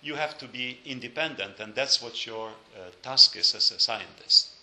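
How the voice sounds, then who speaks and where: A man's voice: medium pitch, moderate pace, bright, forceful tone, echoey room, low-quality recording. A man giving a lecture, hesitant with many fillers and dry joking asides.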